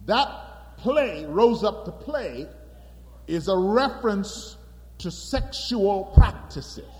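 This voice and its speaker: An emphatic man preaching a sermon, his high voice leaping up and down with animated energy. He calls out to the congregation, and each phrase rings on in a long hall reverb. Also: slow. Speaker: pastor.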